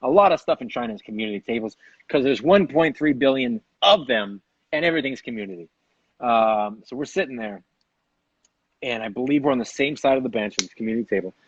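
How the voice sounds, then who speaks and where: A man casually telling a funny travel story, animated and laughing as he goes. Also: mid-range voice, fairly quick, breathy edge, no room sound, highs cut off. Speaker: co-host.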